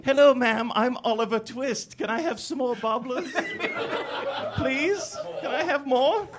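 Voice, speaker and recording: A man's voice: very high voice, measured pace, slight background noise, pitched above the performer's own voice. A man doing a mock British accent as a begging orphan boy in a comic bit. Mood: pleading.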